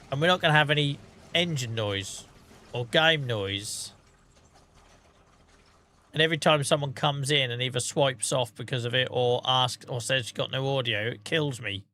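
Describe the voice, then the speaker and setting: A man's voice: medium pitch, unhurried, long pauses, bright, forceful tone. A tired man chatting casually to viewers on a live stream, rambling, swearing freely and laughing at himself. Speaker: game streamer.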